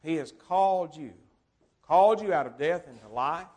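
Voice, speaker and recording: Earnest male preacher, slightly high voice. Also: lively intonation, normal speed. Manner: earnest, repeats key phrases, stresses words with swings in loudness. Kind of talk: sermon.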